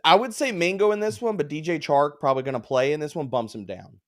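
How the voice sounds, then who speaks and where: A man's voice: fairly high pitch, quick pace, fairly bright tone. A man co-hosting a live fantasy football chat show, joking and giving firm lineup picks.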